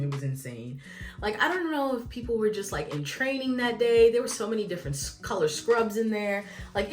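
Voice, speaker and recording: Chatty young woman in an echoey room. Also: lowish voice. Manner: animated, chatty storytelling with many fillers. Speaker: vlogger. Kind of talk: casual story time. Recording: echoey room, distant from mic, faint music.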